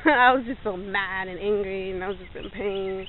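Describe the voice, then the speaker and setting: A young woman telling a story in a casual vlog, animated, acting out what people said and laughing often, filmed on a handheld phone. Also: mid-range voice, moderate pace. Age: young adult. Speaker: vlogger. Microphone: phone held in hand. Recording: tinny phone-like audio, faint noise.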